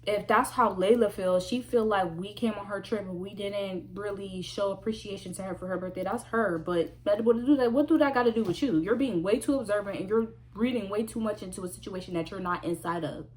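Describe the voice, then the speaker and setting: A woman vlogger telling a story in a casual, animated way, full of slang and emphatic repeats. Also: medium pitch, a little fast, hardly any pauses.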